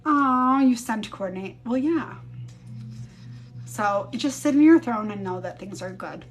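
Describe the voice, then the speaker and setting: Woman, thirties, chatty live-stream host, a bit high-pitched, swears casually, acts out quotes. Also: expressive, a little slow, soft background music. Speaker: livestream host.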